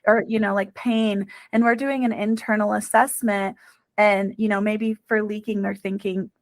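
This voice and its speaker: A woman podcast host talks through her practice in an earnest, explanatory way, dotting her sentences with casual fillers. Her voice sits at an ordinary middle pitch. The recording is dry, with no room sound. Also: level tone, normal speed, no echo. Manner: earnest, explanatory, frequent "you know" and "like". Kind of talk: conversational interview chat.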